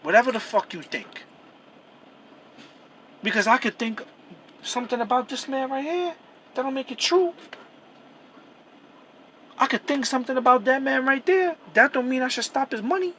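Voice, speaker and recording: Male trucker with a high, tense voice. He rants angrily and swears a lot. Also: very animated, moderate pace, pauses often, fairly bright tone, a little hiss or hum, rough recording. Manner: heated, profane and repetitive, with frequent restarts. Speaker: truck driver. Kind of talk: angry personal rant to camera.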